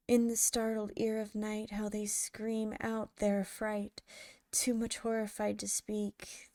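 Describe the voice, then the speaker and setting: A woman narrating poems in a soft, hushed ASMR reading style, drawing out each line slowly. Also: medium pitch, dry recording, studio quality. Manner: slow, hushed, drawn-out delivery.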